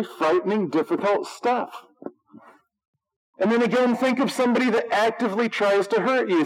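A man preaching a sermon in a light, high voice, talking to his congregation in a loose, conversational way. He slips into sarcasm and acts out the voices he quotes. The sound comes across like a radio broadcast. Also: rough recording. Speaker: pastor.

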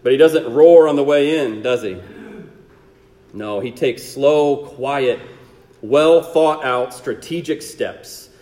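A man preaching a sermon, asking rhetorical tag questions and dropping to a hushed low voice for emphasis. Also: slow. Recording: long hall reverb.

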